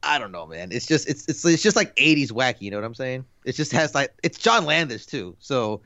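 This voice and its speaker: A man in his thirties, co-hosting a podcast, chats casually in a laid-back, rambling way packed with fillers. His medium-pitched voice is animated, bright and forceful, moving a little fast. The recording is dry with no room sound, and the highs are cut off.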